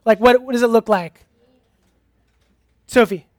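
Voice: medium pitch, unhurried, studio quality. A youth pastor giving a casual, interactive sermon in a church hall, asking the audience questions and laughing easily. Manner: laughs easily, uses many fillers.

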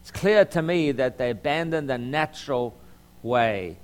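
A middle-aged man from Southern California, a lawyer teaching the Bible in an earnest sermon style, often repeating words and filling pauses with um. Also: mid-range voice, animated, clear, resonant tone.

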